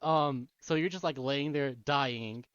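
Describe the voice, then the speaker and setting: Speaking slowly in a smooth, slightly bright mid-range voice, a man co-hosts a casual podcast and meanders through a video game's story with plenty of profanity and laughing. The dull lo-fi podcast mic leaves no echo.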